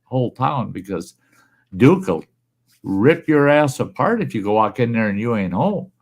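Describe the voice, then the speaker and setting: A man's voice: medium pitch, sing-song, moderate pace. A man telling a folksy tale in casual chat, acting out the voices of the people in his stories.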